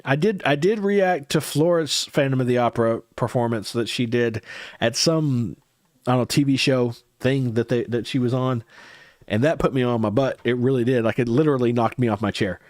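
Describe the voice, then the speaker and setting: A man's voice: mid-range voice, moderate pace, dry recording, studio quality. A man with a head cold, tired and congested, hosting a music reaction livestream and answering viewer comments in casual chat.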